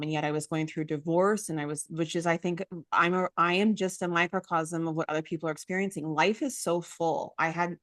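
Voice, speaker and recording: A woman in her forties hosts an interview in a slightly low voice, recorded close and dry. She gushes and cuts in often with her own stories. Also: fairly bright tone, no echo. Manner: emotional, gushing, quick to interject. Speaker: summit host. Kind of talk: casual interview chat.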